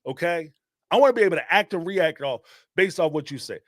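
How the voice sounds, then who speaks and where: Animated, slangy man, fairly high voice. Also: fairly quick, dry recording, clean studio sound. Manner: animated and emphatic, street slang, repeats phrases for emphasis. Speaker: host of a live call-in show. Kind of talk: casual spoken commentary.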